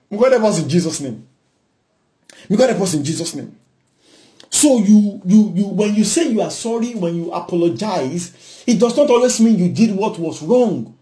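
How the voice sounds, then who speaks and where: A man with a Nigerian accent preaching a sermon, exhorting and shifting between loud and hushed. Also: sits high, lively intonation, normal speed.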